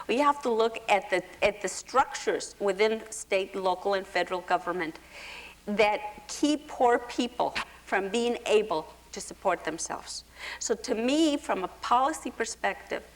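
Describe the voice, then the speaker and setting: An impassioned woman speaking on a panel at a public forum. She drives her points home with emphasis and keeps checking in with the audience, at a middling pitch. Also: slight background noise. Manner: impassioned, emphatic, frequent "okay?". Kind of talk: panel discussion. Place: lecture hall forum.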